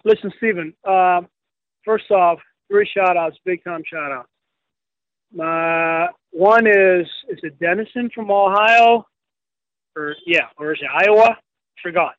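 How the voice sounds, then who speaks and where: Fifty-something man caller, friendly and chatty, high voice, dull dry phone line. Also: takes it slowly, no room sound. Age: 50s. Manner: chatty, friendly, gives shout-outs.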